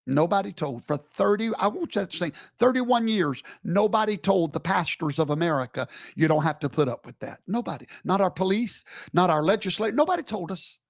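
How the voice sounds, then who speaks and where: A man's voice: high voice, expressive, fairly quick, gravelly, few pauses, dry recording, studio quality. A man giving a live streamed commentary in an emphatic, preacherly way, scolding with rhetorical questions.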